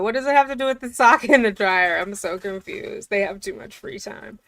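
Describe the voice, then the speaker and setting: A woman reads documents aloud and keeps breaking off into chatty, incredulous remarks. Her voice is bright and a little tense, sitting in the middle of the female range. The recording is close and dry. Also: medium pitch, normal speed, creaky, no echo. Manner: chatty, incredulous, often laughing. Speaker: commentator. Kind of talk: reading documents aloud with casual commentary.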